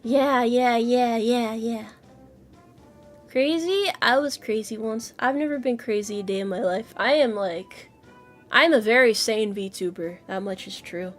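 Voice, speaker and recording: A woman's voice: a little high, measured pace, faint music behind. A woman streamer chatting casually with her viewers, playful, laughing often and swearing freely. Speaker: VTuber streamer.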